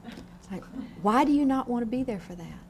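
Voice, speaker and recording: A woman's voice: fairly high pitch, fast talker, a little hiss or hum. Frank woman lecturing a class. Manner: frank, lively, asks the room questions. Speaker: grief educator. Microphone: on camera, room mic.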